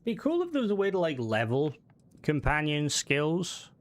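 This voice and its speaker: A man's voice: on the high side, wildly swooping pitch, normal speed. A man streaming a game, thinking aloud and mumbling as he builds a ship in casual commentary.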